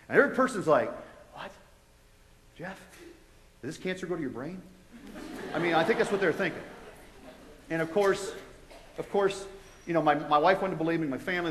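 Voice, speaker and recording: An American man giving a testimony to a live audience, telling his story in a lively, conversational way with quoted dialogue. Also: a little high. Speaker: guest speaker giving testimony. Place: large college hall. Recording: echoey hall with long reverb.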